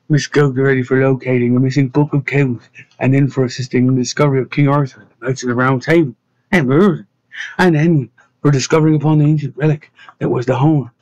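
A man narrating an audiobook in a steady reading voice, giving the characters their own voices. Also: on the high side, no room sound. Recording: dull lo-fi dry sound.

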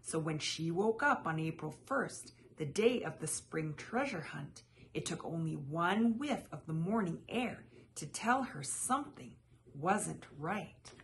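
A woman reading a children's picture book aloud as a channel host, with lively, expressive storytelling. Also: deep voice, unhurried, slight background noise.

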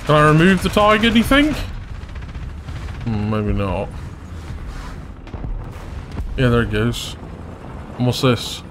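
Guy doing game commentary, super lively pitch, kinda slow, talks to chat a lot. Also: noisy background. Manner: excitable, chatty, bursts into laughter. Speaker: gaming YouTuber. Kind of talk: live gameplay commentary.

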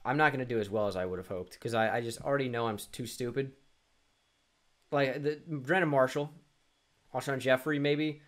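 Young guy muttering to himself thru a sports quiz, mid pitch, keeps restarting and calling himself dumb. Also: steady tone, brisk. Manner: muttering, self-deprecating, thinking aloud with frequent restarts. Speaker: gaming YouTuber. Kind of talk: casual self-talk while playing a sports quiz.

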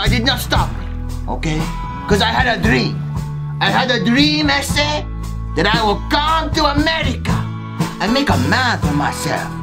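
A woman voicing a dreamy young Mexican immigrant man with a halting put-on Mexican accent and broken phrasing. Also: on the high side, creaky, heavily acted.

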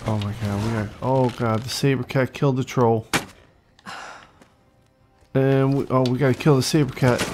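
A man giving excitable, swearing gameplay commentary as host, talking to enemies as he plays. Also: medium pitch, moderate pace, long pauses, over music. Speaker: let's play host.

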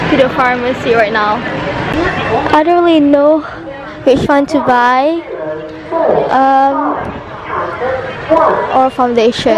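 A young woman from Malaysia, chatting excitedly through a shopping vlog, giggling often as she talks into her phone camera. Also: high-pitched, low-quality recording. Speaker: vlogger. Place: shops and mall. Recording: music playing over the voice.

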